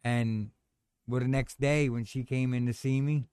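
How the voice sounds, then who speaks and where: A middle-aged man telling a personal story in casual chat, animated and acting out the voices of others. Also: medium pitch, a little slow, clear, resonant tone, dry recording, clean studio sound. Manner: animated storyteller, acts out quoted voices, says "man" a lot.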